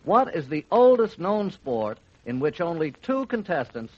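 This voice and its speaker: A man's voice: on the high side, sing-song, a little slow, a little mellow, dry recording. A man co-hosting a scripted radio sports show, playing the cheerful straight man, on a dull lo-fi 1940s radio recording. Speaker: co-host.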